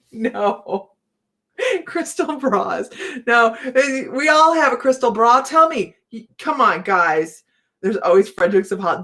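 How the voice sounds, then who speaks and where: A woman's voice: a little high, bright, forceful tone. A middle-aged woman hosting a casual live chat with viewers, chatty and self-mocking, breaking into laughter often. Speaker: host of a psychic live chat.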